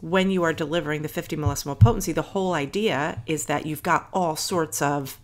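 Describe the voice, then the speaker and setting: A woman with a somewhat low voice co-hosts a podcast. She explains things at length in a casual, digressive way and reads passages aloud. She stops now and then to correct herself. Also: a little fast. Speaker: podcast co-host. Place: Philadelphia area.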